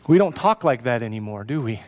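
A man's voice: mid-range voice, lively intonation, a little fast, big-room sound. A man preaching a sermon as pastor, earnest and pleading, often asking rhetorical questions.

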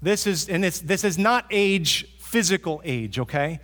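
A man's voice: sits high, animated, a little slow, a bit bright, in a large hall. A man preaching a sermon as the pastor, earnest, repeating key points for emphasis.

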